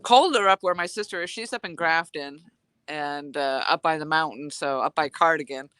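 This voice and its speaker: A woman's voice: sits low, normal speed, a bit bright, clean tone, dry recording. Sniffly woman chatting on a cold dock. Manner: chatty, rambling, reads out viewer comments. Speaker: live-streaming fishing vlogger. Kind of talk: casual live-stream chat. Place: outdoors on a cold dock by the water. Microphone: phone held at arm's length.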